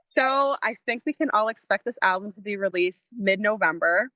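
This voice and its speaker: A woman's voice: medium pitch, normal speed, bright, forceful tone, dry recording. A woman from Michigan, a musician as podcast guest, chatting casually and rambling with many fillers. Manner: rambling storytelling with lots of fillers and laughter; acts out quoted lines in a raised voice. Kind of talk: casual interview chat.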